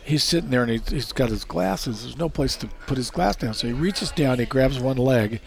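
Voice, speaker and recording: A racing safety expert tells stories in a casual interview, laughing easily as he goes. His medium-pitched voice is gravelly and darkish, expressive, and moves at a moderate pace. His delivery is anecdotal, full of fillers and restarts.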